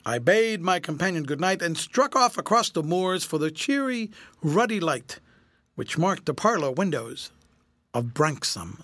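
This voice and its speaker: A man narrating a classic novel in an expressive audiobook reading. His voice sits high and moves animatedly across its range, with a bright edge. The recording is dry and close. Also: measured pace, no echo. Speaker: audiobook reader. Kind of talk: scripted narration.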